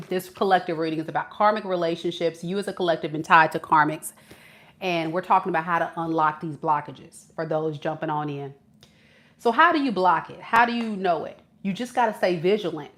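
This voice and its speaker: A tarot reader with a fairly low, fairly bright voice gives her viewers a casual, chatty spiritual reading to camera, acting out quoted voices and laughing at herself.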